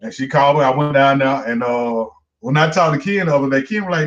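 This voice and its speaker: A man's voice: mid-range voice, quick pace, fairly bright tone. A man with a Southern accent, hosting and telling a rambling, profane story in a casual chat. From Georgia, US. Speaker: host, comedian. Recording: muffled lo-fi stream audio.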